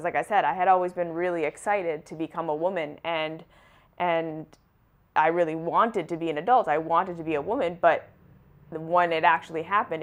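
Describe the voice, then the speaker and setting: A young adult woman telling her personal story to camera in a candid, conversational way, full of casual fillers. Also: lowish voice. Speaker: wellness vlogger.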